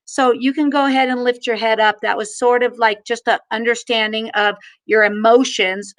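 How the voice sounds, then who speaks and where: Middle-aged woman w a high voice, gentle mindfulness teacher walking kids thru breaths. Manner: gentle, instructive, guiding listeners through gestures and breaths. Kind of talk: guided mindfulness lesson for children.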